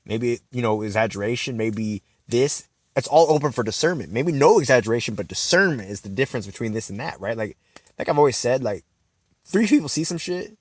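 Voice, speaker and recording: With lively intonation and a slightly fast pace, this young man tells a rambling vlog story full of swearing, slang and fillers, dropping "bro" nonstop. His voice is mid-range and the recording has no room sound.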